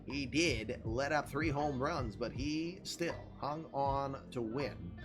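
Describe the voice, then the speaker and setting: A man's voice: medium pitch, slow pace, over music. A man hosting a casual recap of an online baseball league, tired and yawning, chatty and laughing at his own jokes. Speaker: host reading online league baseball results. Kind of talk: casual game recap commentary.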